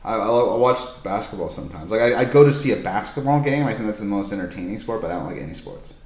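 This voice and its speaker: A man from Canada, a comedian guest on a casual comedy podcast, ranting and stammering with a dry deadpan delivery. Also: fairly low pitch, fast talker, roomy sound.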